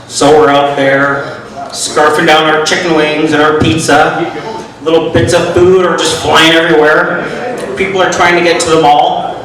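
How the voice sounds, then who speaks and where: Middle-aged man doing stand-up, self-deprecating and deadpan, on a mic set back in a very echoey club. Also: on the high side, moderate pace, a crowd in the background. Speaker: stand-up comedian. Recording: echoey room, mic from far off.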